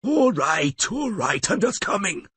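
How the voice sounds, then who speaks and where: Sardonic sick lawyer, storybook villain type, sneering and shrewd, voiced by a male narrator; husky, lively swings. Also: high-pitched, unhurried, no room sound, exaggerated voice. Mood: scornful. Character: scheming sickly male lawyer, sardonic and cunning.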